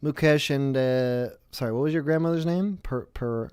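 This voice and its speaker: A man's voice: medium pitch, normal speed, darkish tone, clean tone, no echo. A man hosting a casual online chat with friends, teasing and playful, sometimes exasperated. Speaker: host.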